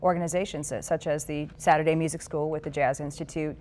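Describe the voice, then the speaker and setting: A woman's voice: low-pitched, fairly even intonation, fast, darkish tone. A woman appearing as a guest on a live morning show, eagerly promoting a benefit event. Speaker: guest organizer. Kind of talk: live TV interview.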